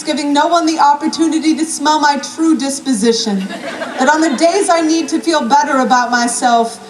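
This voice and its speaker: High-voiced woman performing spoken word poetry. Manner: chatty banter, then rhythmic, wry poetic delivery. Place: university event hall with an audience. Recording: echoey, distant audience recording with noise.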